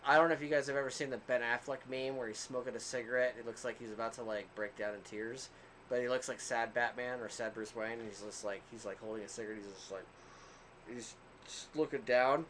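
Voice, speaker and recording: A man's voice: mid-range voice, steady tone, a little fast, slight background noise. A man co-hosting a casual podcast, telling a long rambling story with frequent laughs and asides. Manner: self-described quieter one. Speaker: podcast co-host.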